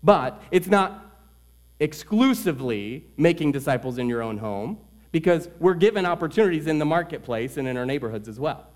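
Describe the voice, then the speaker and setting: A man preaching a sermon to his church, earnest, swinging between loud emphasis and quiet asides. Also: a little high, animated, moderate pace. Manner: tells a joke story in the middle. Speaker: pastor.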